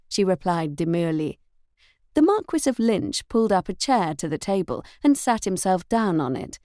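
A woman narrating a period romance novel as an audiobook reader, in measured storytelling. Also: fairly low pitch, animated, darkish tone, no room sound, clean studio sound. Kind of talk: scripted narration.

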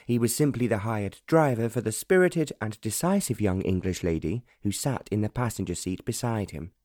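A man narrating an audiobook in a measured, even storytelling style. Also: medium pitch, dry recording, clean studio sound. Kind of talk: scripted narration.

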